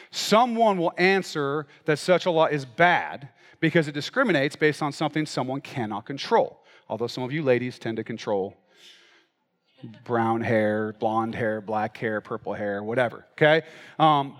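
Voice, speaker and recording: A man's voice: mid-range voice, long reverb tail. A male pastor preaching a sermon in a casual, conversational way, often checking in with the crowd by asking "right?" and "okay?".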